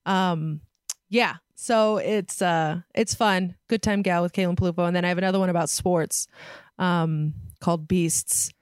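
A woman on a podcast as a guest, talking casually and laughing often, quick to make fun of herself. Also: on the low side, fairly even intonation, smooth, no room sound, clean studio sound. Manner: giggly and self-deprecating.

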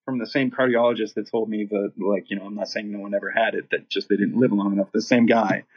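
A middle-aged man with a husky, slightly breathy voice tells a sprawling story in a relaxed interview. He rambles and swears freely, jumping into other people's voices as he goes. The audio is dull and lo-fi. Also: on the low side, quick pace. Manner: rambling, profane, animated when quoting himself and others. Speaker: guest, rock singer.

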